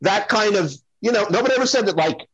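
Man, podcast host, slightly high voice, playful, dry close sound. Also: fast talker, husky, no room sound, highs cut off. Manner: playful, animated storytelling. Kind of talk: casual podcast chat.

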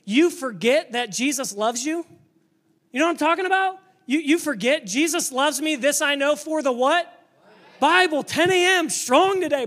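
A man preaching a sermon to a church congregation, energetic and emphatic, sometimes building up to shouting. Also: extremely high pitch. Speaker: pastor.

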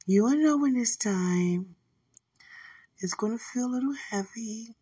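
A woman voicing a gentle young female angel who speaks softly, calmly and peacefully. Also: fairly high pitch, unhurried, breathy edge, no echo, distant mic, pitched above the performer's own voice. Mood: gentle reassuring. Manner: soft, calm and peaceful.

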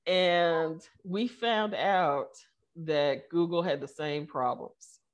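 A woman's voice: sits low, slow, highs cut off. A middle-aged woman, a tech company co-founder, talking as a guest in a casual interview, telling stories with lots of fillers and acting out the quotes. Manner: animated storyteller, many fillers, acts out quotes.

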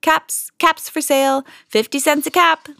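Storybook peddler, a grown man who loses his temper, pitched up and drawn out, read by a woman. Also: fairly even intonation, unhurried, vocal fry, bright, forceful tone, exaggerated voice. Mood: calling out. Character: fussy grown man cap peddler, quick to anger.

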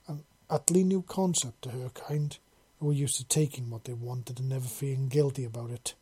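Guy reading a story aloud, calm and steady, mellow dark voice, kinda breathy. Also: medium pitch, brisk. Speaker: narrator.

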